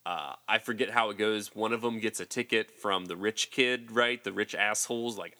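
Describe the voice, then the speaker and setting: Guy cohosting a podcast, bright voice, jokey movie recap banter. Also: on the low side, fairly even intonation. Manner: joking, quick asides with acted quotes. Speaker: podcast co-host. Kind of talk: casual movie recap chat.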